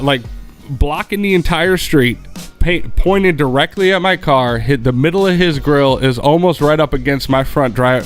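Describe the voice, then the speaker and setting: A man with a fairly high voice tells a story on a podcast in loose, casual chat. He swears freely and acts out the voices of the people in it. Faint music plays behind him. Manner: animated, profane, acts out quoted dialogue. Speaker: podcast co-host.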